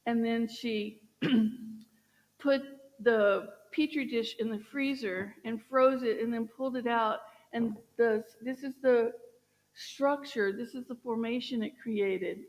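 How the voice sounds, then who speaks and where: A woman minister giving a sermon, gently encouraging and asking her listeners questions. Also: a little high, slow pace, in a large hall, low-quality recording. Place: church sanctuary.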